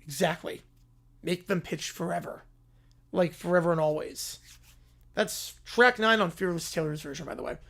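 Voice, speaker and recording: A man voicing a bossy, scheming female sports commissioner who gives commands in a low, flat voice. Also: normal speed, vocal fry, pauses often.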